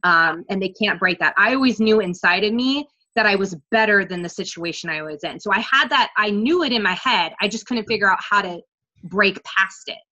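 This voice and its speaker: Bright, candid woman coach. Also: lowish voice. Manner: candid, swears freely, animated in retellings. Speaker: guest coach. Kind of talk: casual interview chat.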